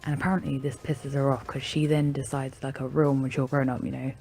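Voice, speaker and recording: A woman's voice: very deep voice, flat delivery, fairly quick, vocal fry, darkish tone, a little hiss or hum. A woman telling a true story to viewers in a brash, sweary, mocking way. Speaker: story narrator.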